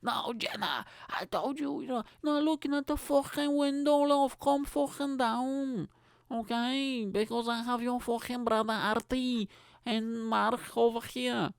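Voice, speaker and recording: A harried Scouse mother on a bus, shrill and cursing as she scolds her kid, as a man puts her on. Her voice sits far above a man's own range. She swears through every sentence. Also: a little slow, creaky, clean tone, dry recording, clean studio sound. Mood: scolding.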